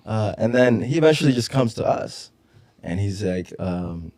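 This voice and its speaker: A young man telling a deadpan story with quiet asides in a casual podcast chat. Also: fairly low pitch, moderate pace. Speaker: podcast guest.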